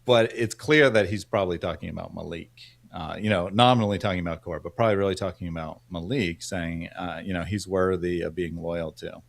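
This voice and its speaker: Measured man with a deep voice. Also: fairly even intonation, creaky, no echo. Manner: measured, explanatory. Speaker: show co-host.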